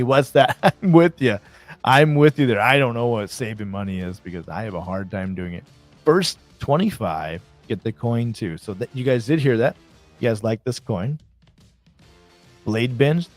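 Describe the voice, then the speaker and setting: Male stream host, excitable and casual, dry sound, soft music under. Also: medium pitch, no room sound. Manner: excited, chatty, reads chat aloud. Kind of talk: casual live stream chat.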